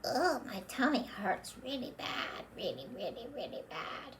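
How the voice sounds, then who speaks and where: A woman's voice: very high voice, very animated, extremely slow, slight background noise, pitched above the performer's own voice, heavily acted. A woman voicing a silly little old lady puppet who complains about her full tummy in a whiny, giggly way. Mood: moaning.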